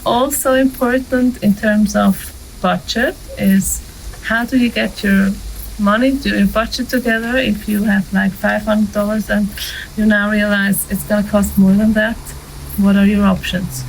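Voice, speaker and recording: Woman, filmmaking instructor, casual practical tone, mid pitch, faint noise behind. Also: steady tone, measured pace, low-quality recording. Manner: practical and conversational, with light laughs and filler ums. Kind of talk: casual instructional talk to camera.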